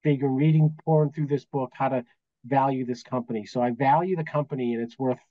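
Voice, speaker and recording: A man's voice: medium pitch, steady tone, fast talker, no room sound, muffled recording. A man in his fifties with a Boston accent, a guest telling work stories in a casual interview and acting out the dialogue. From Massachusetts, US. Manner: anecdotal, acts out quoted dialogue. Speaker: guest, business valuation accountant.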